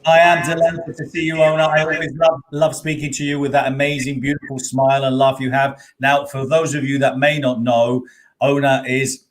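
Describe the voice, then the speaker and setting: This is a man hosting an online expo, speaking over a video call. He welcomes his guests with gushing, effusive enthusiasm. His voice sits at an ordinary middle pitch for a man. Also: level tone, normal speed. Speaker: host.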